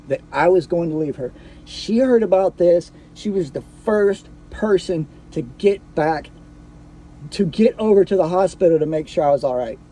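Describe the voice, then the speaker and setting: A man's voice: sits high, mellow, slight background noise. A man telling a personal story in a casual, profane way, full of restarts and fillers.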